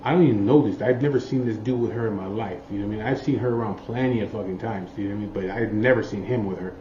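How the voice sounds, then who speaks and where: A man's voice: on the low side, rapid-fire, warm tone. A man telling a story from his biker life in a rambling, profane way, forever checking in with his listener. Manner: rambling, profane, keeps saying "you know what I mean". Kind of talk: casual storytelling. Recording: muffled, roomy, faint background noise.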